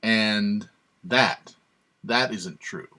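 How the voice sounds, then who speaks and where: A man's voice: fairly low pitch, extremely slow, bright, forceful tone. A man hosting his own channel, giving sarcastic, emphatic opinionated commentary and chuckling to himself. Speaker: channel host.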